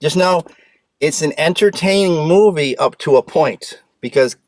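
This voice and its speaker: A man's voice: a little high, measured pace, no room sound. Man, casual movie review host, opinionated, rambling, restarts, dry close sound. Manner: blunt, rambling, frequent restarts and sudden speedups.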